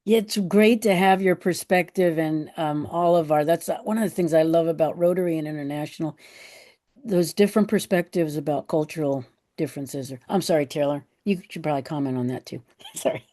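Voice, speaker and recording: A woman's voice: low-pitched, mellow. A woman hosting a webinar Q&A on a video call, handing the floor around and apologizing now and then. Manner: apologetic, quick to hand over the floor. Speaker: host and moderator. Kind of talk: moderating a webinar Q&A.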